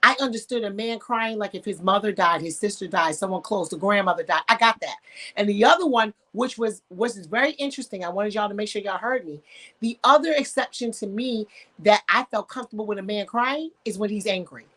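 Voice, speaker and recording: A woman's voice: mid-range voice, a little fast. A woman sexologist on a radio talk show who tells stories frankly and with emphasis, acting out the quotes and using slang. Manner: emphatic, animated storytelling with acted-out quotes. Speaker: sexologist guest. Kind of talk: candid radio conversation.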